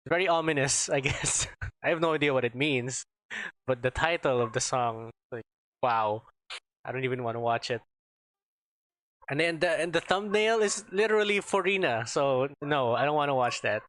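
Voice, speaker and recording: A man's voice: medium pitch, lively intonation, moderate pace, fairly bright tone, dry recording. A man streaming a game, chatting casually and rambling as he searches for words. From Philippines. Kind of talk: casual gameplay chat.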